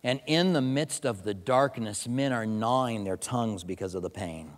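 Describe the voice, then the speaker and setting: Animated pastor in a reverberant hall. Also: male voice, lowish voice, normal speed. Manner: animated, self-mocking storytelling. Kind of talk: sermon with personal story. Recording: long reverb of a large hall.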